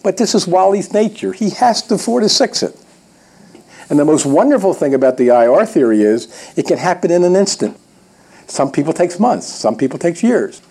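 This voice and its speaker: A man's voice: high-pitched, very animated, moderate pace, mellow, slightly rough. A man giving a motivational sales training talk in a folksy, emphatic way, addressing the audience directly.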